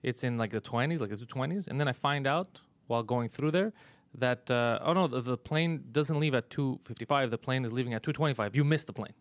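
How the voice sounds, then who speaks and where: A man hosts a casual comedy podcast, recounting his mishaps with plenty of swearing and laughter. His voice sits at a medium pitch and is recorded close and dry, with no room sound. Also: fairly quick, no echo. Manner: profane, exasperated storytelling with frequent laughs. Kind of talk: casual chat, storytelling.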